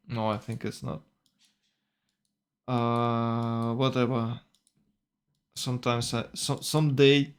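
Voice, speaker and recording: A man commentating a strategy game tournament, thinking aloud with hesitations and self-corrections. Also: medium pitch.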